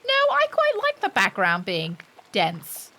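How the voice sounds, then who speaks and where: A woman's voice: medium pitch, wildly swooping pitch, unhurried, very noisy. A woman streamer chatting and joking casually while reading a game aloud. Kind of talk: casual gameplay commentary.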